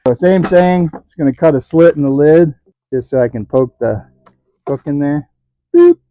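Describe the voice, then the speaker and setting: A man's voice: fairly high pitch, big pitch swings, normal speed, dark tone, muffled recording. A man hosting a casual hands-on DIY vlog in his workshop, chatty and self-mocking, often chuckling as he demonstrates. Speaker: DIY channel host.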